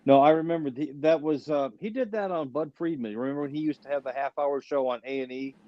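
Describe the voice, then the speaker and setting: A man's voice: fairly high pitch, quick pace, no echo, lo-fi sound. A man, a stand-up comedian, chatting casually with friends, laughing often and chiming in with short replies. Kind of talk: casual chat.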